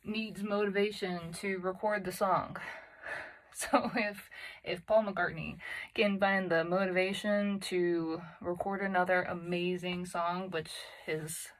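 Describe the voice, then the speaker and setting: A woman's voice: fairly low pitch, fairly even intonation, takes it slowly, rough recording. A woman hosting a solo podcast, recorded in a home closet on a phone and computer, talking in a chatty, self-deprecating way with lots of fillers. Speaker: podcast host. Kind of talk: casual solo podcast chat.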